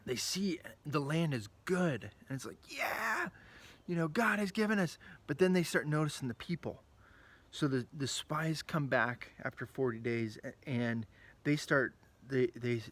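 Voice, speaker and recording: Brief: male children's ministry leader, casual animated storyteller, mid-range voice. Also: mid-range voice, measured pace. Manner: animated storytelling, acting out quotes; chatty, with frequent asides. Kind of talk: children's Bible lesson.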